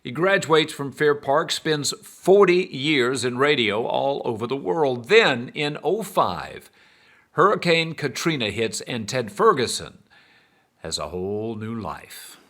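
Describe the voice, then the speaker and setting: A man's voice: medium pitch, very animated, takes it slowly, fairly bright tone. Male reporter narrating a news feature.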